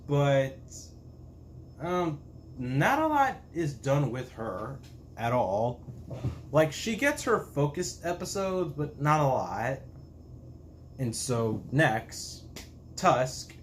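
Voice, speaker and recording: Male YouTube reviewer, unhurried and hesitant, average pitch, light background noise. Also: sing-song. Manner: slow, halting, frequent restarts. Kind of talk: casual spoken review.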